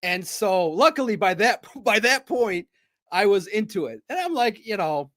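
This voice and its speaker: A man hosting a sports podcast, chatting casually and telling animated stories with frequent laughter. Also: high voice, moderate pace. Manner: animated storyteller, laughs often, mimics shouting. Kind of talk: casual livestream chat.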